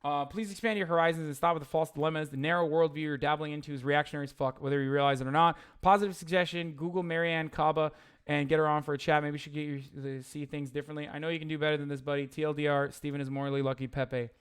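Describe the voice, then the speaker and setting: Heated high-voiced young man streaming. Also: fairly even intonation, quick pace, clear, resonant tone. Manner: heated, profane, rambling with restarts. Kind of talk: livestream reading chat and commenting.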